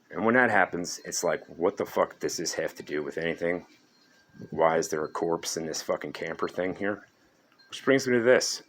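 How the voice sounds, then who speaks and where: A man's voice: extremely low pitch, vocal fry, a bit bright, a little hiss or hum. A young man casually ranting through a horror movie review, profane, sarcastic and exasperated.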